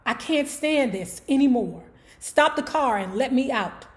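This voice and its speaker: A woman voicing a stubborn young man who refuses to go through with a wedding, in a flat, withdrawn voice. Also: high voice, measured pace. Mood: exasperated.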